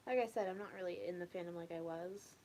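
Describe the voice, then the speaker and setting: Young woman, casual soft chat, rambling, slips into whispers, faint background noise. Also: lowish voice, quick pace. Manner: relaxed, rambling, often trails off into a whisper. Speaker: ASMR streamer chatting with viewers.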